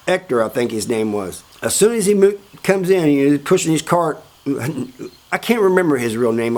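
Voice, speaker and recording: A man's voice: mid-range voice, a little mellow. A man hosting his own channel, telling a story in a laid-back, chuckling way with plenty of fillers. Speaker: host telling prison stories. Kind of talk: casual storytelling.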